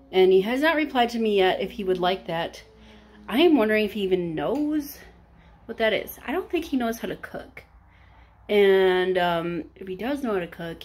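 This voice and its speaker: A medium-pitched woman talks casually in her kitchen vlog, walking viewers through cooking and household tasks with plenty of fillers and asides.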